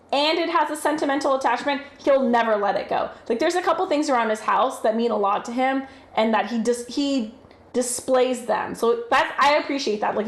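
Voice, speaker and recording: A woman's voice: high voice, reverberant. A woman with a general American accent, casually chatting while cooking on a livestream, reading chat aloud and swearing freely. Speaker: streamer.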